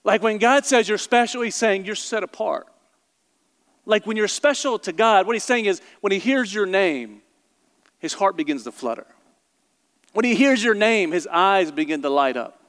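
High-voiced Southern preacher in a reverberant hall. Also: male voice, lively intonation, a bit bright. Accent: Southern American. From American South. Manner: earnest preaching with slow emphatic stresses. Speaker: pastor. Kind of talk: sermon. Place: church.

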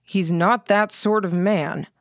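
A woman reading the lines of a cold, calculating male commander in a flat, measured way. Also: medium pitch, no room sound, clean studio sound.

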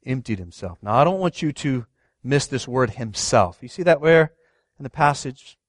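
A man's voice: mid-range voice, animated, moderate pace, no echo, clean studio sound. Emphatic man preaching a sermon. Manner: emphatic, asks the congregation questions, swings from loud to hushed. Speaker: pastor.

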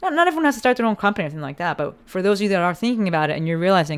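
Lady podcast host, kinda low voice, earnest and emphatic, swears a bit. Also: expressive, very fast, clean tone. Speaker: physical therapist. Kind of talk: casual podcast conversation.

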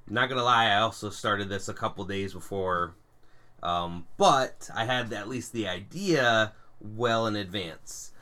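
Animated man telling jokes on a podcast. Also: lowish voice, unhurried. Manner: animated storyteller, puns, laughs at own jokes. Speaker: podcast co-host. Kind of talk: casual chat.

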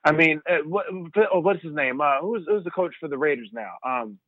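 A young man telling rambling, animated stories as a guest over the phone, laughing often. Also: fairly high pitch, fairly quick, no room sound. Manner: animated, rambling storyteller who laughs a lot. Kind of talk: phone interview storytelling. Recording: tinny dry phone line.

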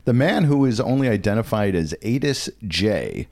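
A man's voice: fairly low pitch, sing-song, moderate pace, darkish tone. A man co-hosting a podcast, reading odd news stories in a teasing, casual way. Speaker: podcast co-host.

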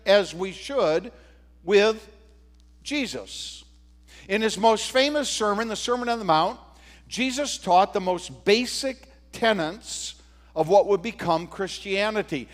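A man preaching a sermon to his congregation, talking in an unhurried, conversational way with fillers and rhetorical questions. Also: high-pitched. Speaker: pastor. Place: church sanctuary. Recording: long reverb of a church hall.

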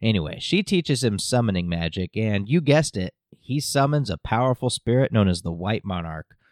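A man with a low, deep voice chats his way through a loose, filler-heavy recap, jokey and meandering. The sound is dry and close to the mic, with no room echo. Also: big pitch swings, moderate pace, darkish tone. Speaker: podcast host. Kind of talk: casual episode recap.

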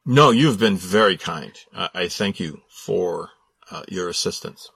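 A man's voice: deep voice, expressive, measured pace, gravelly, fairly bright tone, breathy edge, no room sound, full character voice. A man voicing a proper, polite old grandmother who speaks formally. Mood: gracious.

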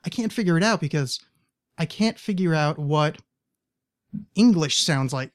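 American host with a slightly raised voice. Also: male voice, fairly high pitch, lively intonation, normal speed. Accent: American, slight East Coast. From United States. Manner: curious, rambling questions. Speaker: podcast host. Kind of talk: casual chat.

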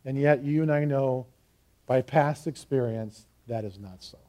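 A man preaching a sermon and teaching a parable, earnest and emphatic, slowing down to stress key phrases. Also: medium pitch, mellow.

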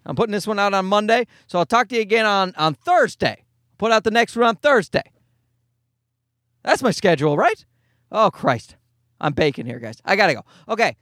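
A man's voice: high voice, sing-song, a little fast, fairly bright tone, dry recording, clean studio sound. A middle-aged man hosting a solo podcast from a parked car, rambling and swearing with self-mocking humor. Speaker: podcast host.

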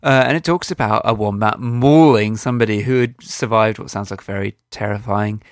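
A man's voice: on the low side, fairly quick, no room sound. A man co-hosting a comedic chat show, talking in a wry, dry and hesitant manner. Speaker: podcast co-host.

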